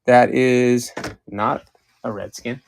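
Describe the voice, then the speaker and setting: This Maryland man runs a relaxed collectibles auction on a live stream, talking with viewers as he goes through his stock. His voice is average in pitch with a steady, darkish tone, and he takes it slowly, speaking loosely and distractedly and often pausing to find things. There's slight background noise.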